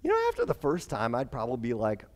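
Male Bible teacher, mid-pitched, lively and conversational storyteller. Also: quick pace. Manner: animated storytelling with asides and fillers.

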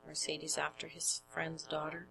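A woman's voice: low voice, monotone, a little slow, vocal fry, bright, forceful tone, a little hiss or hum, poor audio. A woman in casual conversation, chiming in and adding details. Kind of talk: casual chat.

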